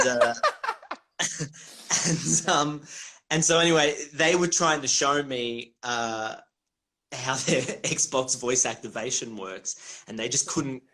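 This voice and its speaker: A man's voice: medium pitch, slow pace, fairly bright tone. Rambling Australian man telling stories. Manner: rambling, swears freely, laughs often. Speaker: comedian guest. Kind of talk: casual storytelling interview. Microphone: video call.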